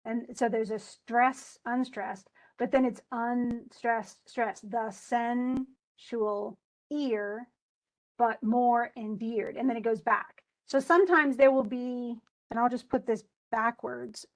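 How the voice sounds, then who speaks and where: A woman teacher gives a casual, chatty lecture in an unhurried, steady voice that's a little high. Enthusiastic, she often restarts and corrects herself as she explains.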